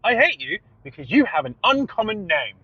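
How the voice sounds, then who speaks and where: A man's voice: high voice, very animated, brisk, husky, no echo, dull audio. A man co-hosting a casual podcast chat, telling stories animatedly with frequent laughs and swearing. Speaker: podcast co-host.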